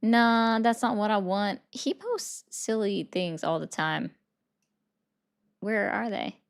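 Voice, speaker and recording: A woman's voice: mid-range voice, slow pace, creaky, smooth. A woman hosting a political livestream, chatting casually and sarcastically while reading and answering viewer comments. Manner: sarcastic, chatty, talks straight to chat.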